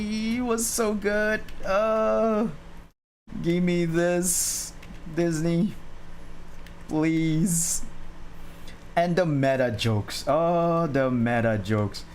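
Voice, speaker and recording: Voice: medium pitch, slight background noise. A drawing streamer in casual livestream chat, rambling with frequent laughs and restarts while answering chat questions.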